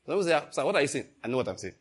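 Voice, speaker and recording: An older man's husky, high-leaning voice races through a sermon. He tells a story in an animated way while calling out questions to his congregation.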